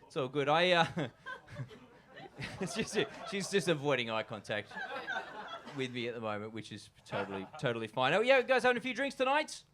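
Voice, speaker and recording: A man's voice: fairly high pitch, sing-song, normal speed, noisy background. A young man with an Australian accent doing a loose, chatty stand-up comedy set at a live venue, full of fillers and asides to the crowd.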